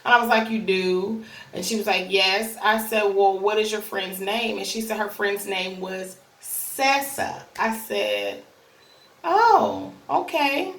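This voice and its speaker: A woman's voice: medium pitch, lively intonation, measured pace, a bit bright. A woman telling a personal story about her child in a chatty, rambling way, with many fillers and restarts. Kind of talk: casual storytelling to camera. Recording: roomy echo, from a distance.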